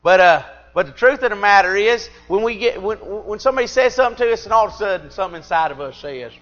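A middle-aged man preaching a sermon, swinging between loud emphatic peaks and quiet confiding asides. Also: high voice, expressive, fast, dull audio.

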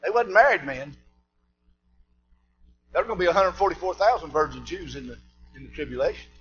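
A man preaching a sermon, swinging between shouted preaching and low asides. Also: lively intonation, a little fast, dull audio, slight background noise.

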